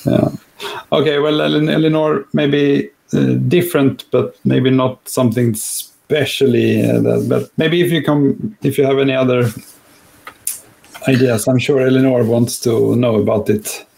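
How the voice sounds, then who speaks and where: A man with a Swedish accent hosting a podcast, speaking haltingly with many restarts and fillers. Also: medium pitch, fairly even intonation, vocal fry, a little mellow. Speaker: podcast host. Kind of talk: casual podcast chat.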